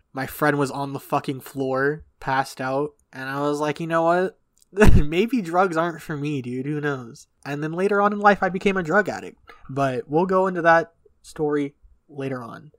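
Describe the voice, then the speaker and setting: A man's voice: on the high side, fairly even intonation, a little fast, a bit bright, no echo. A young man telling a long story in casual podcast chat, rambling and swearing, often laughing. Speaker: podcast co-host.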